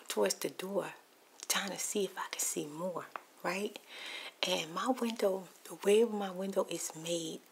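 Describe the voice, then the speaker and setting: A woman's voice: fairly low pitch, slight background noise, rough recording. A woman whispering a rambling ASMR storytime while eating popcorn, with crunching clicks in the background. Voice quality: mostly whispered, soft-spoken. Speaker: ASMR YouTuber.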